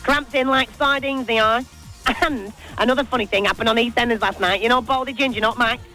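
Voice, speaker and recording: A man giving a chatty, gossipy roundup of soap news on breakfast radio, in an animated and teasing way. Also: very high-pitched, brisk, soft background music. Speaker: soap and entertainment news contributor.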